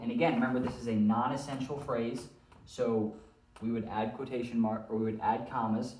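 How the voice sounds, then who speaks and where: A man teaching a recorded grammar lesson, his voice sitting at an ordinary middle pitch. He walks through each point patiently and keeps checking in with "all right?". The sound is roomy and echoey, as if captured in a room with a whiteboard. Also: normal speed, a little mellow, a little hiss or hum. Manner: explains step by step, often checks in with "all right?". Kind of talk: recorded language arts lesson.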